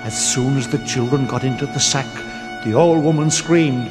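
A man reading a children's storybook aloud, animated and expressive. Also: mid-range voice, normal speed. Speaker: narrator. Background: music.

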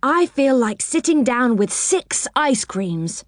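A woman's voice: high voice, big pitch swings, slow pace, no room sound, studio quality, pitched above the performer's own voice, heavily acted. A woman voicing a cheerful little girl in a read-aloud story, chatty and wishful.

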